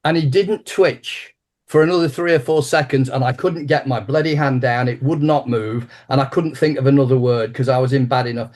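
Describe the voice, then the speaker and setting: A man in his sixties, an interview guest and martial arts teacher, telling an anecdote with lively restarts. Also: medium pitch, brisk. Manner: animated anecdotal storyteller with frequent restarts. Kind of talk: conversational interview storytelling.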